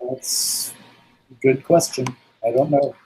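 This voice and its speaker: A man's voice: mid-range voice, fairly even intonation, slow, warm tone, slightly rough, low-quality recording. A man as a player in a tabletop game, asking pointed rules questions in casual chat.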